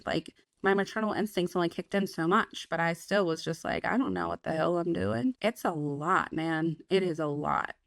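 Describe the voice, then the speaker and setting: A young woman speaks in a frank, unfiltered way on a podcast, swearing often and acting out her own past thoughts. Her voice sits low and has a gravelly fry to it. The sound is dry and close, with no room echo. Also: normal speed, hardly any pauses. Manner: frank, swears freely, quotes herself in voices. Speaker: podcast co-host. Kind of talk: candid casual chat.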